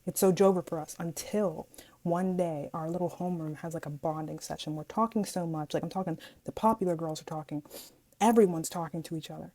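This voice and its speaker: A young woman vlogger telling a story from school in an animated, dramatic way, acting out what people said. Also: fairly low pitch, fairly quick. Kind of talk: casual storytime vlog.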